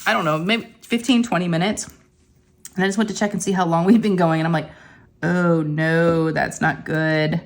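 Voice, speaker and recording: A woman's voice: on the low side, steady tone, normal speed. A woman, chatting casually to viewers and telling stories with lots of fillers. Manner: chatty storytelling with many fillers. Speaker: crafting vlogger. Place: home craft table. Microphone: phone camera.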